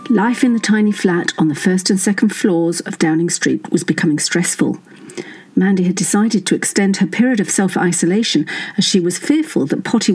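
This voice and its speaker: A woman's voice: lowish voice, darkish tone, husky, rough recording. A woman narrating a satirical serial story in a wry, dry manner, voicing the dialogue herself.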